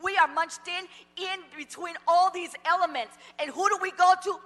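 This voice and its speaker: High bright furious woman in a reverberant chamber. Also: moderate pace, few pauses. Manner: angry, shouting, heavily profane. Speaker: public commenter. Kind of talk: public comment at a council meeting. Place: council chambers. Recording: long hall reverb in a council chamber.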